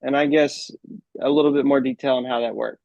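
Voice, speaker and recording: A man's voice: mid-range voice, fairly even intonation, brisk, creaky, darkish tone, no room sound. A man hosts a podcast interview, asking casual questions with a few hesitations and fillers. The sound is dry and slightly dull, with little room around it. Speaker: podcast host.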